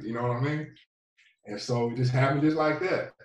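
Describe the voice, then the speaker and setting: A man's voice: mid-range voice, fairly even intonation, fairly quick. A man from North Carolina, a pro football player, telling his story as a guest in a laid-back, rambling way full of fillers. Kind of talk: casual storytelling. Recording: roomy, distant from the mic.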